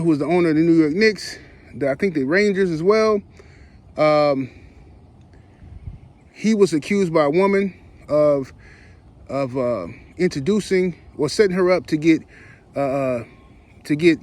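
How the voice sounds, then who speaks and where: A man's voice: a little high, a little mellow. A man giving heated, rambling opinion commentary for his online channel, in slangy speech with frequent restarts. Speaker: YouTube commentator.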